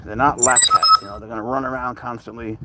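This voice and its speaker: A man with a mid-range voice hosts a casual live stream while walking outdoors with his pet serval, chuckling as he reads comments and answers viewer questions. His pitch swoops wildly, he talks quickly, and there's heavy background noise.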